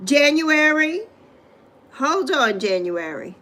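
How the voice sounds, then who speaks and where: A woman's voice: high voice, very animated, slow pace, sharp tone. A middle-aged woman hosting a casual livestream, greeting viewers by name and repeating phrases with gushing affection. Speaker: livestream host.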